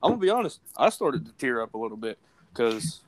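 A young man talks earnestly on a podcast, rambling along with plenty of fillers. His mid-pitched voice sounds dry and close, with no room around it. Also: big pitch swings, fast, dry recording. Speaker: podcast co-host. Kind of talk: casual podcast chat.

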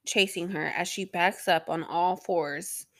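A woman's voice: on the low side, fairly even intonation, unhurried, a bit bright, dry recording. A young woman hosting a podcast, recapping an episode in a rambling, sarcastic way with plenty of swearing and filler words. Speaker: podcast host.

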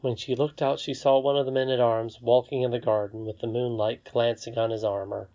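Storybook reader, mid-pitch voice, measured and expressive, a bit dull lo-fi sound. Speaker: audiobook narrator. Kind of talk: storybook narration. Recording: slightly dull lo-fi recording.

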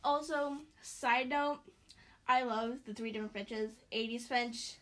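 A woman's voice: fairly high pitch, fairly even intonation, unhurried, a bit bright. A teenage girl hosting a casual book review chat, talking freely with many likes and fillers. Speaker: book club host.

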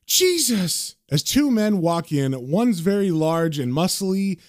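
A man narrating a comic book aloud in a casual way. His voice sits a bit high and moves around a lot. The sound is close and dry, with no room echo. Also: animated, unhurried, mellow.

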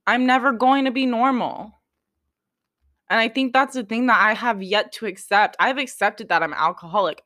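A woman's voice: medium pitch, pushed and bright. A young woman talking to camera in a confessional vlog, raw and self-critical, swearing often and restarting her sentences. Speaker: vlogger.

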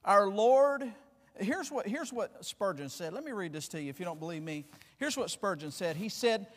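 A man preaching a fervent sermon, repeating words and swinging between loud declarations and hushed asides. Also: high voice, animated, normal speed, big-room sound.

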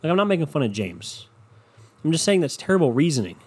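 A man with a husky, slightly high voice rants into a desk microphone. He is sarcastic and swears freely, and his delivery swings between loud outbursts and low muttering. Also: sing-song, fast. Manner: ranting, profane, sarcastic, swings loud and soft. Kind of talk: casual rant monologue.

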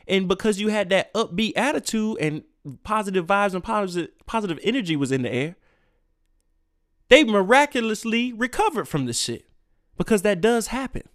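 Profane ranting man, higher voice. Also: moderate pace, no echo, studio quality. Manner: profane, emphatic, animated swings between loud and quiet. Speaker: podcast host. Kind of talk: solo ranting podcast monologue.

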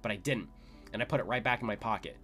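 A young man hosting a podcast, telling a story casually, excitable and full of fillers, his voice leaping up when he quotes his own shouts. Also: quick pace, soft background music. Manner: excitable, lots of "like" fillers, jumps to high pitch when quoting shouts. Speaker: podcast host.

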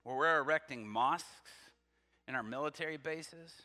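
A man preaching a sermon, reading scripture aloud with lively asides, laughing often and questioning his listeners. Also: fairly high pitch, normal speed. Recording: long reverb from a hall.

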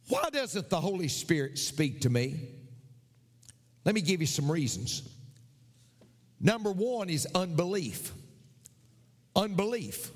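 Man preaching, animated swooping delivery, repeats each point, church reverb. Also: high voice, unhurried, pauses often. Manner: repetitive, emphatic preaching. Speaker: pastor. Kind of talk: sermon.

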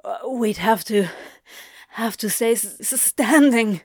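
A woman's voice: fairly high pitch, slow pace, no echo, clean studio sound. A woman reading a story aloud and voicing a flustered male demon who talks in a breathless, stammering strain.

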